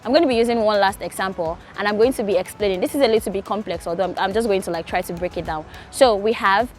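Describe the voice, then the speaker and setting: A woman's voice: medium pitch, soft background music. Woman patiently explaining a Korean lesson. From Nigeria. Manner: patient, repeats key points slowly. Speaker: Korean language teacher.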